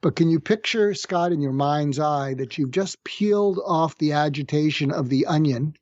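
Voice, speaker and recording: A middle-aged man, a psychiatrist guest on a podcast interview, explaining techniques in a calm, methodical way and slowly acting out sample phrases. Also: on the high side, no echo, muffled recording. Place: room with street noise outside.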